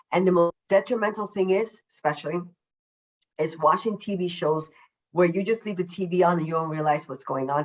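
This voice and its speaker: A woman, a self-love coach, talking as a podcast guest over a video call, effusive and emphatic, deliberately slowing down her naturally quick way of speaking. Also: fairly low pitch, muffled recording. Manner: deliberately slowing her usual fast speech. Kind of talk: casual podcast interview.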